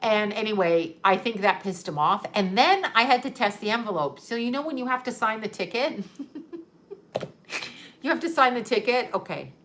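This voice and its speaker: A woman's voice: on the high side, lively intonation, moderate pace, a bit bright, a little hiss or hum. A middle-aged woman telling a story in a casual, blunt and sarcastic way, swearing freely and laughing often. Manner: ranting, profane, laughs often.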